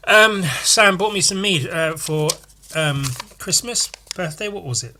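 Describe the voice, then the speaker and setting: Bright-voiced rambling podcast man. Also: on the high side, a little slow. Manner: rambling, full of fillers and restarts, animated. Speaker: podcast host. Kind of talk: rambling solo podcast chat.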